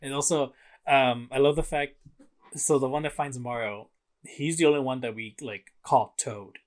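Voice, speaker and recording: Halting, rambling male podcast co-host. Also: mid-range voice, steady tone. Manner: rambling, halting, heavy on fillers. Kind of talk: casual movie review chat.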